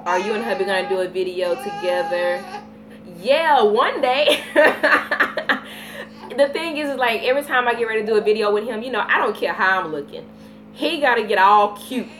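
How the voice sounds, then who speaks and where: A woman in her thirties with a Southern US accent, chatting casually on a live vlog, telling stories with lively baby talk. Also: mid-range voice, normal speed, a little hiss or hum. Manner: animated storytelling with playful baby talk. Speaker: vlogger.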